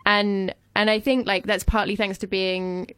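A woman's voice: mid-range voice, level tone, unhurried, a bit bright, clean tone, no room sound. A woman in her thirties hosting a radio show, chatting reflectively from the studio and laughing often. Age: 30s. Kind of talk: casual studio chat.

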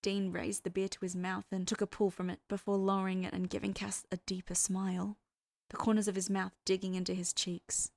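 Woman storyteller, mid-pitched, dry close recording. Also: level tone, vocal fry, darkish tone, no echo. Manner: measured storytelling, voicing characters. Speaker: fan fiction reader. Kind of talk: audiobook-style story narration.

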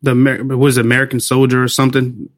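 A chatty man co-hosts a casual movie review podcast, his voice pitched in the middle range. He laughs easily and trails off mid-sentence while he hunts for a name. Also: flat delivery, very fast. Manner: chatty, laughs often, trails off searching for names. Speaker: podcast co-host.

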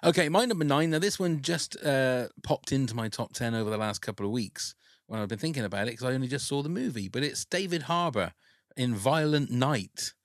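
A podcast host with a mid-range, expressive voice chats casually at a slightly fast pace, rambling and often cutting himself off mid-thought. The recording is studio quality with no room sound.

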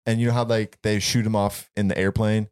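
A man's voice: fairly low pitch, level tone, brisk, a little mellow, clear, resonant tone. A young man co-hosting a podcast, chatting casually in a laid-back, slangy way. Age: young adult. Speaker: podcast co-host. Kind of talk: casual chat.

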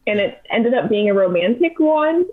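Podcast guest: chatty young woman, animated storyteller, thin phone-like sound. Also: fairly high pitch, normal speed. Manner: chatty, animated retelling with lots of "like". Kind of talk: casual storytelling. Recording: tinny phone-like line.

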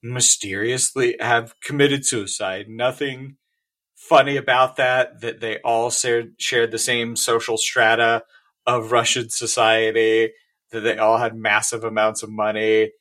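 A man co-hosting a casual podcast, walking through a news story with dry amusement and little laughs. His voice sits in an ordinary middle pitch. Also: level tone, unhurried, a bit bright. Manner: wry, laughing while explaining. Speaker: podcast co-host. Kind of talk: casual banter.

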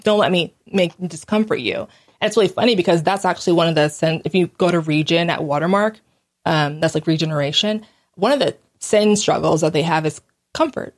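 A woman hosts a casual solo monologue in a low-sitting voice. She's blunt and candid, recounting things animatedly with quick restarts and small laughs.

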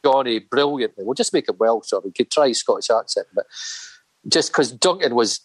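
Lively storytelling man. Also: mid-range voice, brisk, husky, dry recording, low-quality recording. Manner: animated anecdotes with acted-out voices, laughing often. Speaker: podcast guest, filmmaker. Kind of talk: casual storytelling chat.

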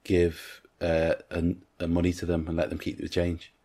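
A man's voice: sits low, completely flat delivery, moderate pace, dark tone. A man co-hosting a podcast in casual film chat, retelling scenes at length and quoting the characters' lines. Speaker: podcast co-host.

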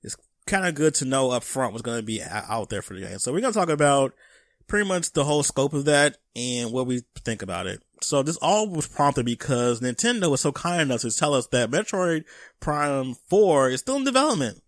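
A man co-hosting a casual gaming podcast, animated and teasing. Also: mid-range voice, a little fast, no room sound. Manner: animated, teasing, laughs often. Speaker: podcast co-host.

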